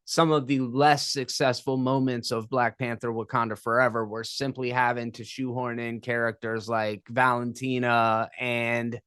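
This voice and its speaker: A man co-hosting a casual podcast, giving measured, analytical opinions. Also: medium pitch, level tone, a bit bright, clear, resonant tone, no room sound, studio quality. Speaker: podcast co-host.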